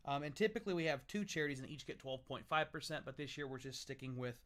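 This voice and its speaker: A man's voice: medium pitch, fast talker, fairly bright tone. A young man hosting a livestream, chatting loosely and joking while tasting bourbon. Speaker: livestream host. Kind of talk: casual tasting chat.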